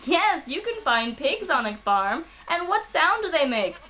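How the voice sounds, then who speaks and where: A woman's voice: high voice, very animated, unhurried, bright, forceful tone. A woman teaching English to children, patient and encouraging, with playful animal sounds. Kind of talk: children's ESL lesson.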